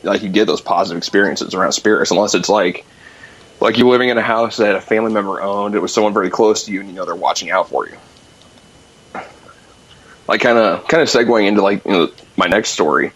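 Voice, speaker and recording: A young guest musician phones in to tell a ghost story, rambling casually and quickly with plenty of fillers. His voice is lowish with a fairly bright tone and a breathy edge, carried over a dull, lo-fi call-in line.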